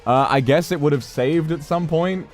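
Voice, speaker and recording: A male streamer giving animated gameplay commentary, swearing and yelling at the game. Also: fairly high pitch, normal speed, soft background music.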